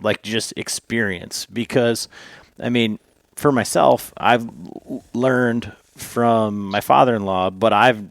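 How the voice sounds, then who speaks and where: A man's voice: lowish voice, slow pace, gravelly, dry recording. A man co-hosting a podcast in casual talk, rambling and chatty as he asks questions and tells stories. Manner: rambling, many fillers and restarts, chatty storytelling. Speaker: podcast co-host.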